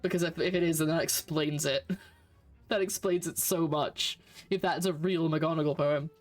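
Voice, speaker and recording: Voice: mid-range voice, steady tone, moderate pace, faint music behind. A streamer with a Scottish accent, chatting casually and thinking aloud while solving a puzzle in a game. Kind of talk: casual let's-play commentary.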